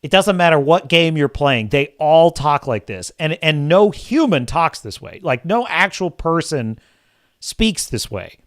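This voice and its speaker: A man's voice: fairly high pitch, big pitch swings, a little slow, no room sound, clean studio sound. A man hosting a live podcast, ranting in a crude, sarcastic, exasperated tone. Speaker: podcast host. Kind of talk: casual live-show rant.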